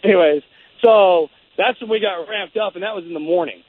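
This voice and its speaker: A man in his forties, the guest, telling a story in a halting, rambling way full of restarts. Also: sits high, dry recording. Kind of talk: casual storytelling. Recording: phone-like narrow sound.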